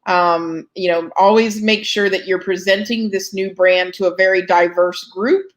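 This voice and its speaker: A woman's voice: mid-range voice, steady tone, moderate pace. A woman hosting a live fundraising Q&A, chatting casually with many ums and self-deprecating asides, yawning and a bit short of breath. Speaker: host answering fundraising questions. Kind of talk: live Q&A chat.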